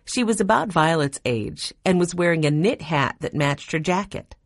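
Audiobook narrator: woman, low voice, dry close read. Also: expressive, normal speed, dry recording.

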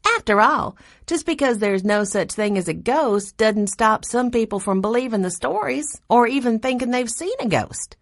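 A woman's voice: fairly high pitch, animated, normal speed, no echo, clean studio sound, voice pushed up. Woman doing upbeat young Laney.

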